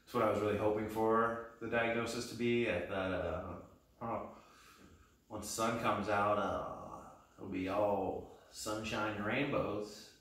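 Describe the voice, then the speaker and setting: A man in his thirties from Texas, doing a meandering, self-deprecating stand-up practice set with a deadpan delivery. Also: on the low side, measured pace, heavy reverb, distant mic. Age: 30s. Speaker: stand-up comedian.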